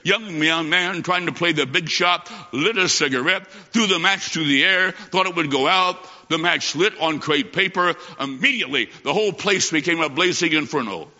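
Male preacher, sermon, bright forceful voice, a bit high, emphatic storytelling. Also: moderate pace, few pauses. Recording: muffled recording in a large hall.

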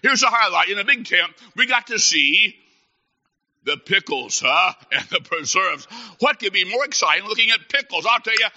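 A male Baptist preacher with a high, piercingly bright voice delivers a comic sermon, swinging from shouted mock excitement to soft earnest appeals. The recording sounds dull and lo-fi. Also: moderate pace. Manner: animated storytelling, mock excitement, drops to soft earnest tones. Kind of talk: humorous sermon.

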